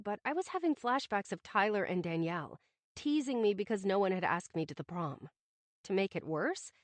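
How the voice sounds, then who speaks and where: A woman's voice: medium pitch, dry recording. A woman narrating a first-person romantic comedy audiobook in a wry, self-conscious manner, from a studio booth on a close mic.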